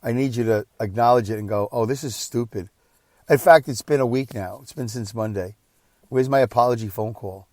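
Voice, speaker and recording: A tired, exhausted man hosting a podcast, telling a personal story in a rambling, emotional way that swings between quiet and loud. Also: medium pitch, fairly quick, no room sound, clean studio sound. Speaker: podcast host.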